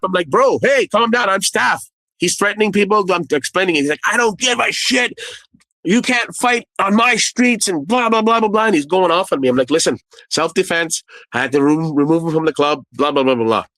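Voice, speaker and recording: A middle-aged man, a former nightclub doorman, casually telling a story with lively quoted dialogue and repeated phrases. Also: a little high, no echo, rough recording.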